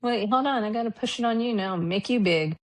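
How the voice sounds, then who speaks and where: A woman's voice: a little high, brisk. A woman co-hosting a casual chat, teasing her friends and laughing often. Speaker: podcast co-host. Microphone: video call.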